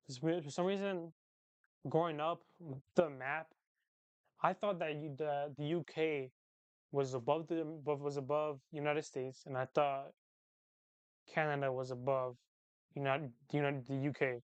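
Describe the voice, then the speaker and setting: Young male streamer, fairly high and smooth voice, dry close sound, loose rambling chat that circles back on itself. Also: normal speed, long pauses, no echo, dull audio. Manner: rambling, repeats phrases, relaxed slangy talk. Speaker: livestream host chatting with viewers. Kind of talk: casual chat.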